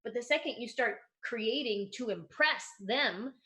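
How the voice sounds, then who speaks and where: A woman's voice: a little high, a little slow. A woman comedian in her thirties, talking casually in an interview and acting out quoted voices as she gives advice. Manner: animated, acts out quoted voices. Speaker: comedian guest.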